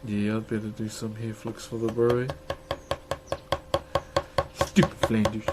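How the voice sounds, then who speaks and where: Slow-talking New Zealand man, noisy room. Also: on the low side, level tone. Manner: swears often, thanks viewers warmly, calls them brother. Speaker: livestreamer carving wood. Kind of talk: casual chat to stream viewers.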